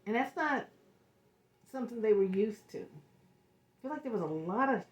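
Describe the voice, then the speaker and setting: Woman reading tarot cards, emotional and halting, roomy echo. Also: a little high, lively intonation. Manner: emotional, searching, halting repeats. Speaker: tarot reader. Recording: echoey room.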